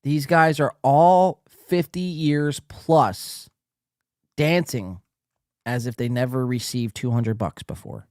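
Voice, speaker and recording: A man's voice: medium pitch, slow, a little mellow, dry recording, clean studio sound. A man hosting a podcast, giving crude, mocking, profane commentary. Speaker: podcast host.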